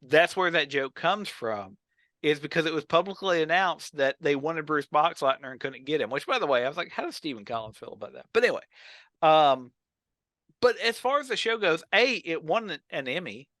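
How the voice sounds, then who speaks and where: Bright-voiced man telling animated stories. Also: on the high side, moderate pace, dry recording. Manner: animated storyteller, acts out quotes. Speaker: podcast co-host. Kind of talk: casual chat about old films and TV.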